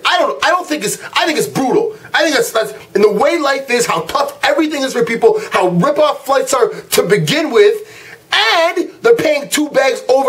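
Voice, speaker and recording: A man's voice: very high voice, fairly bright tone. A young man ranting casually to camera, telling an exasperated story full of slang. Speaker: vlogger ranting.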